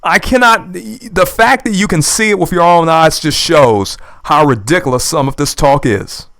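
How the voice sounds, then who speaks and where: A man's voice: on the high side, moderate pace, vocal fry, fairly bright tone, no echo. A man giving an indignant, sarcastic reaction commentary, repeating his points for emphasis. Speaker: YouTube commentator. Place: lives in the United States.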